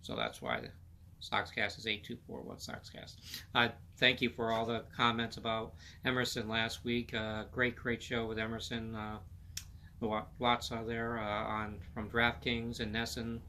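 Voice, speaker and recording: Middle-aged male podcast host, bright, forward voice, loose rambling delivery, faint hiss behind. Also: mid-range voice, measured pace. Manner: rambling, filler-heavy, repeats words. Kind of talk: casual solo sports chat.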